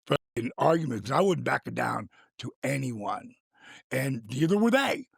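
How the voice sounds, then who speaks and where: An older man with a gravelly voice, animated and swearing freely as he tells a story in casual chat, acting out the quotes. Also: mid-range voice, measured pace, no echo, clean studio sound. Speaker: guest.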